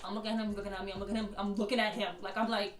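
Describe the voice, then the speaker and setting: A woman vlogger telling a storytime tale in an animated, slangy way, often turning to her viewers directly. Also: medium pitch, racing, far from the mic. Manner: animated, slangy, keeps addressing the audience. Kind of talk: casual storytelling to camera. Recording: echoey room with faint music.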